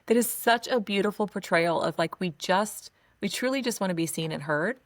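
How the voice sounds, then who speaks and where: A woman's voice: medium pitch, moderate pace, no room sound. A woman hosting a podcast interview, earnest and affirming toward her guest, also reading a sponsor spot. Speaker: podcast host.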